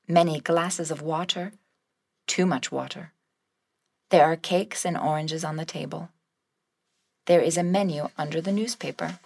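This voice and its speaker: A woman narrating a beginner English lesson with measured, clear reading. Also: low voice. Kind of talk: scripted narration.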